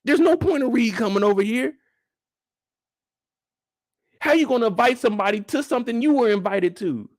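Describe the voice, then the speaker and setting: Animated man ranting about a TV episode. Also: very high voice, moderate pace, long pauses, no echo. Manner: mocking, does voices of characters, profane. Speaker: show recap host. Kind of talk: animated TV recap commentary.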